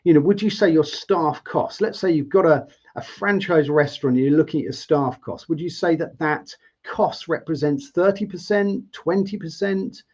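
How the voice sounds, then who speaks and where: A man's voice: on the high side, normal speed, hardly any pauses, a little mellow. A man hosting a live interview show, asking long, rambling questions in a chatty way over a video call. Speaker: host. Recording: dull lo-fi sound.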